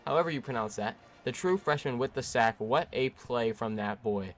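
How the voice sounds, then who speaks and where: Speaking fairly quickly in a mid-range voice, a young man who makes gaming videos on YouTube narrates his own gameplay play by play. He swings from excited bursts to flat, frustrated stretches.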